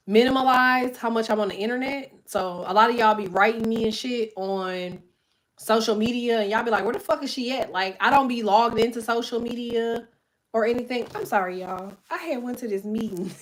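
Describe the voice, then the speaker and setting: A woman vlogger talking casually to her followers in a profane, rambling way, with plenty of "like" fillers. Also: mid-range voice.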